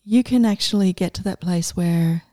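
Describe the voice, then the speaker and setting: A middle-aged woman coach giving a casual, enthusiastic inspirational talk, animated and laughing often. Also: fairly low pitch, normal speed, no room sound, clean studio sound.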